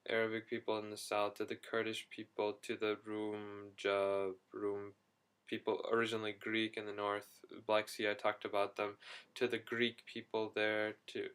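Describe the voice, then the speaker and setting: A man's voice: lowish voice, monotone, moderate pace, fairly bright tone, smooth. Young guy vlogging his travels, rambly, keeps correcting himself, acts out his reactions. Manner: self-correcting, frequent asides and fillers. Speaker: video diarist. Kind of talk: casual travel vlog storytelling. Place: Istanbul, Turkey.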